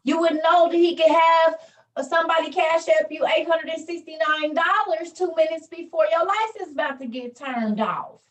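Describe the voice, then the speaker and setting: High fervent woman preaching. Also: moderate pace, echoey room, recorded from a distance, lo-fi sound. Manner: fervent, rhythmic, repeats phrases. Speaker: meeting leader. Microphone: video call.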